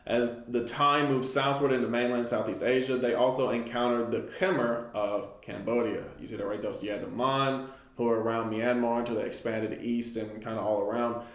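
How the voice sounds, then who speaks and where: A man's voice: mid-range voice, fairly even intonation, moderate pace. A man giving an informal Bible study lesson, reading a text aloud and commenting loosely with many fillers. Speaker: Bible teacher. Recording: echoey room.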